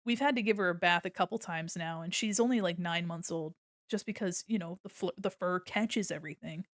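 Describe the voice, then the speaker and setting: A woman's voice: lowish voice, fairly quick, dry recording, studio quality. A woman streamer chatting casually while she draws, giggly and gushing, breaking into laughter often. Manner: gushing and affectionate. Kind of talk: casual livestream chat while drawing.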